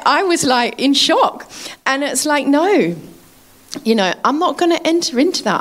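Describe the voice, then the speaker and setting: Woman, sermon, higher voice, very lively pitch, chatty, laughing often. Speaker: preacher.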